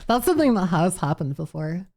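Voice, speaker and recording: A woman's voice: lowish voice, big pitch swings, a little fast, darkish tone. A woman live streamer chatting casually with her viewers, reading messages aloud, laughing often and swearing freely. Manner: giggly and profane, reads chat aloud.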